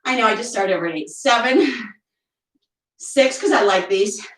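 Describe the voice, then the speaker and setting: A slightly high, animated and somewhat bright voice belongs to a fitness instructor guiding a barre workout from her home at a normal pace. She encourages the class, counts reps and adds chatty remarks, a bit winded. The mic is distant, the room reverberant and the audio quality poor.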